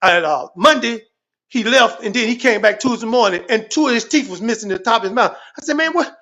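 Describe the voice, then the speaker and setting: A man with an unusually high-pitched voice holds forth on a livestream, spinning comic stories and rants. His delivery is animated and repetitive, and he swears freely in nearly every sentence. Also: fast, dull audio. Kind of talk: profane storytelling rant.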